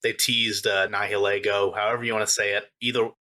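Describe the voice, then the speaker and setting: A young American man with a fairly low voice and a bright, forceful edge, hosting a casual podcast. He chats easily and breaks into laughter between remarks. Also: level tone, brisk. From United States. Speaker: podcast host. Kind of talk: casual chat.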